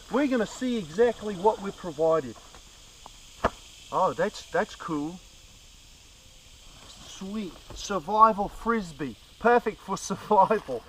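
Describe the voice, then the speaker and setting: A man's voice: high voice, bright, forceful tone, recorded from a distance, a little hiss or hum, low-quality recording. A young man hosting a parody survival show outdoors, hamming up fake-dramatic enthusiasm in a mock-serious presenter manner. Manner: over-earnest, fake-dramatic enthusiasm about silly gear.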